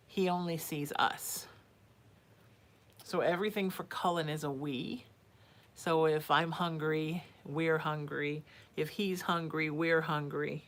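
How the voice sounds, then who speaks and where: A woman psychic hosting a casual livestream from home. She chats with viewers and coos sing-song baby talk to her cat. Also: deep voice.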